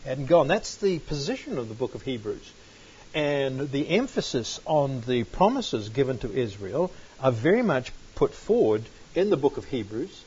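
A man's voice: mid-range voice, sing-song, moderate pace, darkish tone, slightly rough. A man teaching a Bible study sermon, reading scripture aloud and breaking into sudden emphatic bursts. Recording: dull lo-fi recording.

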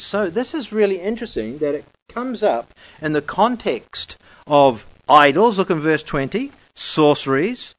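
A man teaching through scripture in a conversational sermon, emphatic and swinging between loud and hushed. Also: a little high, expressive, moderate pace. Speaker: Bible teacher. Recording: dull lo-fi recording.

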